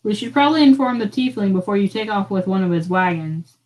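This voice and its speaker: A woman's voice: mid-range voice, lively intonation, fast. A woman playing a tabletop game, making wry jokes in casual chat. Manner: wry, joking. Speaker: player. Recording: noisy mic with background hiss.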